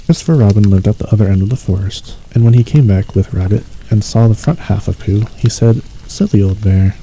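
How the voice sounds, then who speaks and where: A man reading a storybook aloud as a soft ASMR sleep story, calm and unhurried. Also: on the low side, slight background noise, rough recording. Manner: calm, unhurried, lightly voicing each figure. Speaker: audiobook reader.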